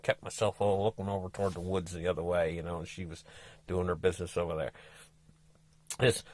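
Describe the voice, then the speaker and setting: A travel vlogger tells a story in a casual, folksy, rambling way, restarting himself and throwing in asides to viewers. His voice sits low with a level tone, and he talks a little fast.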